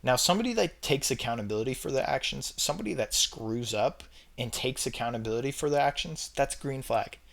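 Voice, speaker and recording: A man's voice: mid-range voice, lively intonation, brisk, creaky, fairly bright tone. A young man talking straight to camera in a casual opinion vlog, emphatic and repeating his points with chatty fillers. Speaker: vlogger ranking red flags.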